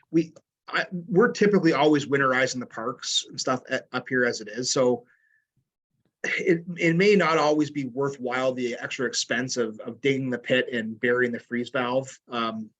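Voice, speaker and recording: A man's voice: medium pitch, normal speed, fairly bright tone, poor audio. A man from Canada, speaking as a webinar panelist in a mid-range voice. He answers casually, often dropping in "like".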